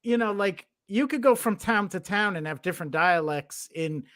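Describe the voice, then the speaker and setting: A man from the United States co-hosting a casual chat show, talking in an animated way and laughing as he talks. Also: high-pitched, normal speed. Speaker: co-host.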